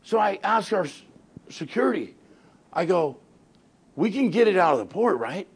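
A middle-aged male pastor with a fairly high voice tells a story from the pulpit. He acts out the back-and-forth of phone calls. He laughs his way through the funny parts. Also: normal speed, slightly rough. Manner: animated, acts out both sides of conversations, laughs often. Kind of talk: storytelling sermon.

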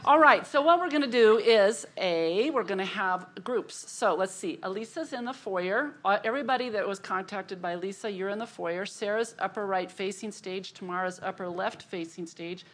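A woman's voice: mid-range voice, moderate pace, few pauses. Chatty laughing woman leading a church group. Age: middle-aged. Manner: chatty, laughing often, animated storytelling. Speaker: women's group leader. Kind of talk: casual group announcements and prayer.

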